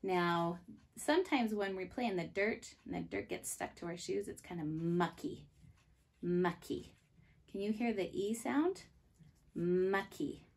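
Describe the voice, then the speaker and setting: A woman teaching a phonics lesson to preschool children. She speaks slowly and clearly and says each word twice, with excited bursts on the exclamations. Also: medium pitch.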